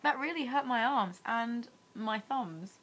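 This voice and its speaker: A woman's voice: fairly high pitch, expressive, a little slow, a bit bright. A young woman chatting casually on her daily challenge vlog, teasing her husband and giggling a lot. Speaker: vlogger.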